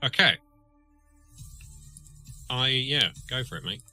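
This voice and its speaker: Very bright man, rambling player. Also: mid-range voice, animated, slow pace, faint music behind. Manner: rambling, lots of "like". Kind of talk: casual tabletop play.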